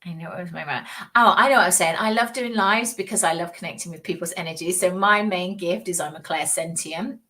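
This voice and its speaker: A woman, a psychic, chatting and doing readings on a casual live stream, with rambling, animated talk and frequent laughs. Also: fairly low pitch, brisk, hardly any pauses, recorded from a distance. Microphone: video call.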